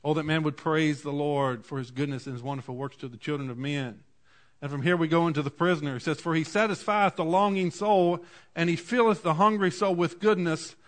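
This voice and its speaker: A man, preaching a sermon in a folksy storytelling way, moving from quiet asides to loud cries. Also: fairly high pitch, a little fast. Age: 40s. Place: church.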